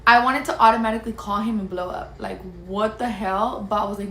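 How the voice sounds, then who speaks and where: A woman telling viewers her own story in a casual, emphatic and animated way. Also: mid-range voice, fairly quick, few pauses. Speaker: storyteller sharing her experience. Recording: roomy recording with faint background hiss.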